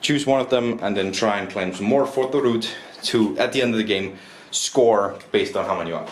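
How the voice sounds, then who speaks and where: A Danish board game reviewer, a native Danish speaker, rambles casually through the rules and his opinions at a table indoors, often restarting sentences and making self-deprecating asides. His voice is on the low side and brisk. He self-records on a camera mic, giving a roomy echo with faint background noise.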